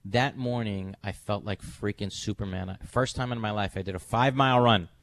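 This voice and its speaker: A middle-aged man hosting a radio show, telling a story in a casual, animated way and acting out the voices of the people in it. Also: fairly low pitch, brisk. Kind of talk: casual on-air chat.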